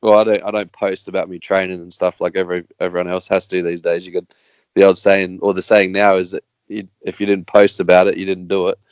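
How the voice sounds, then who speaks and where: An Australian man, a guest racer, chatting casually on a podcast in a halting, rambling way with many restarts. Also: deep voice, level tone, clean tone, no echo.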